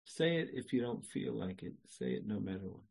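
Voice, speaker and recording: A man's voice: on the low side, big pitch swings, a little fast, vocal fry, a little mellow, breathy edge, low-quality recording. A man giving a religious lecture, repeating short phrases, laughing and breaking into song. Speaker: Jewish lecturer.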